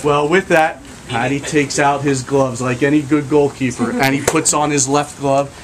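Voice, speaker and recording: A man telling a lively joke story to a group, shouting out the characters' lines. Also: medium pitch, normal speed. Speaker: storyteller leading a group of kids. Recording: noisy crowd recording.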